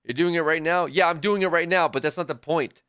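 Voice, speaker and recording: A man's voice: fairly high pitch, brisk, a bit bright, clean tone, dry recording, clean studio sound. A man streaming a game live, talking back to his chat in an exasperated, swearing rant. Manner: frequent swearing. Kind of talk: live gaming stream commentary.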